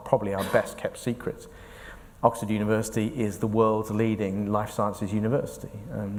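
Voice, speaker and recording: A man, an investment fund manager, giving earnest, explanatory answers in an onstage interview and thinking aloud as he speaks. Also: fairly low pitch. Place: large conference hall. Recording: echoey hall reverb.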